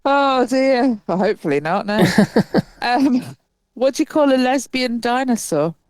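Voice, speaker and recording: Slow-talking woman podcast co-host. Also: a little high, lively intonation, a little mellow, no room sound. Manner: giggly, laughs at jokes. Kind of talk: casual joke-swapping chat.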